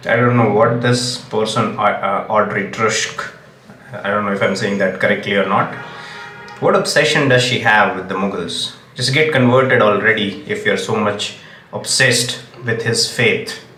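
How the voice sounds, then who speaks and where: A man's voice: fairly low pitch, measured pace, sharp tone, roomy sound, faint music behind. A man with an Indian English accent delivering a solo opinion monologue, emphatic and repeatedly checking "okay?" to press his points. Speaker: commentator.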